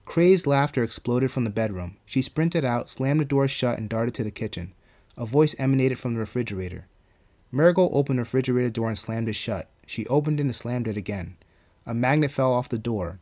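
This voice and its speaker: A man narrating his own horror story in a calm, even storytelling manner. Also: mid-range voice, fairly quick.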